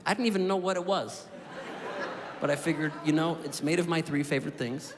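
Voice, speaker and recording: A man doing stand-up storytelling, with a deadpan delivery and quick punchlines, on a stage mic in a club. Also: a little high. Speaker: stand-up comedian. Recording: echoey hall with crowd and noise.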